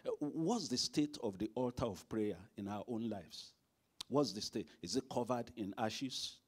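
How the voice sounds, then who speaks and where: A man's voice: medium pitch, expressive, unhurried, husky. A man preaching a sermon at a church service, emphatic and asking the congregation rhetorical questions.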